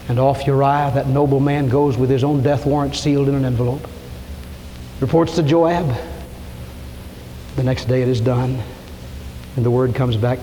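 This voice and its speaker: A man preaching a sermon, telling a story and building to impassioned calls, sometimes dropping to a hush. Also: medium pitch, moderate pace. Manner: storytelling, rising to impassioned preaching with shouts and hushed whispers. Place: church sanctuary. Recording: reverberant hall, faint room noise.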